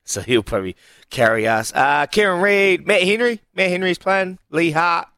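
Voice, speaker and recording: A man's voice: high voice, animated, moderate pace, bright, forceful tone, no room sound, studio quality. A man co-hosting a radio show, easygoing and slangy with chuckles. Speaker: radio co-host. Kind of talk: casual radio banter.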